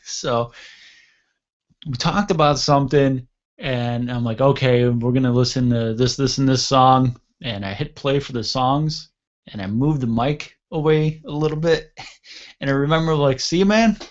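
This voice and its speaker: A man's voice: mid-range voice, steady tone, a little slow, lo-fi sound. A man hosting a radio talk show, telling a long anecdote in a blunt, rambling, casually profane way. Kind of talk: casual storytelling chat.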